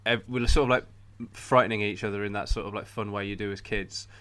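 Male co-host, bright clear tone, animated anecdote-teller, laughs a lot. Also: lowish voice, quick pace. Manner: animated storyteller, laughs often. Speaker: podcast co-host telling a story. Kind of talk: casual comedic chat.

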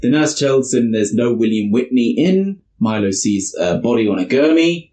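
A man's voice: medium pitch, moderate pace. A man hosting a podcast, recapping a movie plot in casual chat and laughing often. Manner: lively recapping with frequent laughs. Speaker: podcast host.

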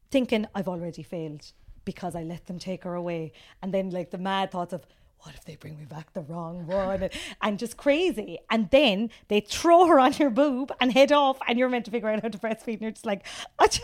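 Animated Cork woman telling stories. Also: mid-range voice. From Ireland. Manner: animated storyteller, acts out quotes. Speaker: guest comedian. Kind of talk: casual chat.

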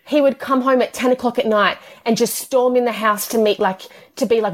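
A woman in her thirties speaks as an interview guest, her sentences running on and on with a steady stream of "like". Her voice sits at a middling pitch, and she talks in an earnest, personal way. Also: fairly quick, hardly any pauses. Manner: earnest, tumbling run-on storytelling with many "like"s.

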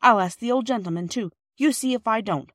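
Storybook: woman reading an eager, bossy boy, bright-voiced, dry close sound. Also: on the high side, a little fast, no echo, voice pushed up, natural voice. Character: excitable young boy Peter.

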